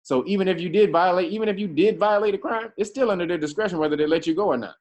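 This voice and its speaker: A man's voice: high-pitched, very fast, a little mellow. A man teaching a casual class, talking in slang, often restarting his sentences and stressing his points hard. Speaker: class instructor.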